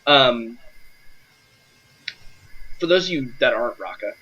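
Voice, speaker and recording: A man narrating a tabletop game as game master, halting, with many fillers. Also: mid-range voice, lively intonation, highs cut off, a loud crowd.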